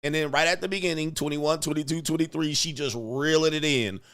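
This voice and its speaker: A man's voice: fairly high pitch, fairly even intonation, fairly quick, fairly bright tone. A man hosting casual commentary, brash and slangy, chuckling often and hammering his punchlines. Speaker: commentary host.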